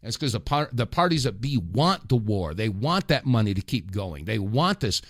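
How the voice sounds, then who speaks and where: A middle-aged man hosting a political talk radio show, delivering a rambling, impassioned monologue with sudden loud outbursts. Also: fairly low pitch, big pitch swings, normal speed, dry recording, studio quality.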